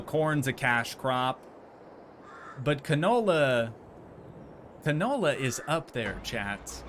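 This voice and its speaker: Male game streamer, casual, jokey, mid-pitched, light background noise. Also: fairly bright tone. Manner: chatty, joking, reads and answers chat messages. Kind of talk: casual live-stream chat while playing.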